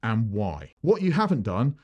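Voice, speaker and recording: Lively man giving business advice. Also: fairly low pitch, measured pace, lo-fi sound. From United Kingdom. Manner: animated, acts out little dialogues with changing voices. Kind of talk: direct-to-camera advice video.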